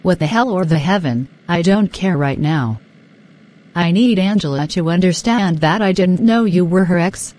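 A woman voicing a flustered young fiancée in an animated drama, sharp-tongued and anxious. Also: lowish voice, normal speed. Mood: exasperated. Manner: exasperated, sharp-tongued, fretful.

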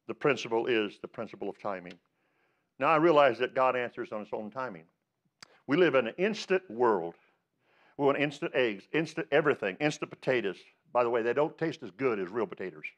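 Emphatic preacher on a dull recording. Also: male voice, mid-range voice, expressive, brisk. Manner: emphatic, with rhetorical questions and rising stresses. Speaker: pastor. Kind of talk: sermon.

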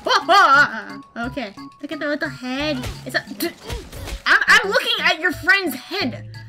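A young woman streaming a game, reacting with jumpy, excitable commentary and nervous laughter. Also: sits high, measured pace, soft background music. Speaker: gaming streamer.

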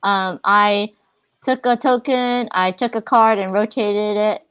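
A woman's voice: medium pitch, steady tone, slow, a bit bright, clear, resonant tone, no room sound. A woman hosting a board game stream, chatting casually, thinking aloud and laughing often. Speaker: streamer host.

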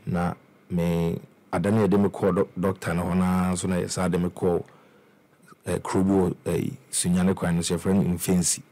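In a relaxed interview, a young musician from Ghana with a Ghanaian accent recounts his life, switching between English and Twi, with frequent restarts and repeated words. He speaks at a moderate pace in a deep, warm voice with flat delivery.

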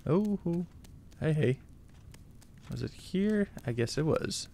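A man's voice: a little high, animated, takes it slowly, gravelly, warm tone, a little hiss or hum. A man casually commenting while playing a video game, laid-back and muttering asides to himself. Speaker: let's play gamer.

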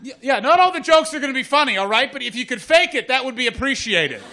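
A Canadian man hosting a live comedy chat show, joking loudly, then dropping into muttered asides. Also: very high-pitched, sing-song, fast talker. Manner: loud, jokey, swings between shouting hype and muttered asides. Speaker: host. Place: live comedy venue with audience.

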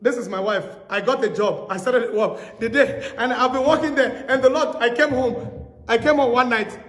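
Pastor, male, high-pitched storytelling sermon, echoey hall sound. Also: normal speed, a bit bright. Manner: storytelling preacher, repeats phrases for emphasis.

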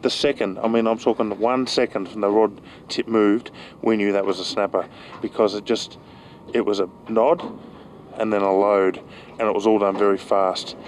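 A man's voice: on the low side, fairly even intonation, moderate pace, rough recording. A man with an Australian accent hosting a fishing show from a small boat outdoors, talking in a chatty, enthusiastic way and exclaiming as he works a fish. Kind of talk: excited on-the-water fishing commentary. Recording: outdoor boat recording with water and engine noise.

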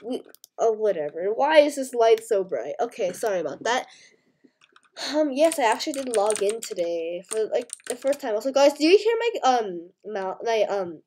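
Hoarse young woman with a cold. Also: a little high, big pitch swings, moderate pace, darkish tone. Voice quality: scratchy. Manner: rambling and apologetic, full of ums and likes. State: hoarse from illness, coughing. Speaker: gaming channel host. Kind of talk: casual gameplay chat.

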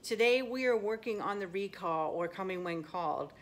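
A woman dog trainer leads an at-home obedience lesson in an instructional video, explaining each step in an upbeat, friendly way. Her voice is medium-pitched and expressive, at a moderate pace.

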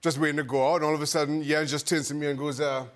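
A man who is a former goalkeeper, speaking on a sports panel in a measured, chuckling way. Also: fairly high pitch, little pitch movement. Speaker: football pundit, former goalkeeper. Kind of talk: panel chat.

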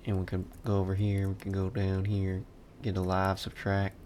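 A man's voice: low voice, completely flat delivery, normal speed, darkish tone, a little hiss or hum. A man giving a casual live-stream 3D modeling lesson, muttering to himself with dry asides as he works. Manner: muttering, self-talk, dry asides while working. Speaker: 3D modeling instructor streaming a class.

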